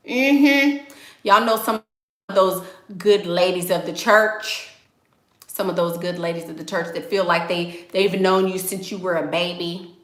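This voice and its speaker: A woman's voice: lowish voice, unhurried, fairly bright tone. A woman vlogger giving life advice in an emphatic, outspoken way, often repeating her key lines. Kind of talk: casual advice monologue. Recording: roomy echo.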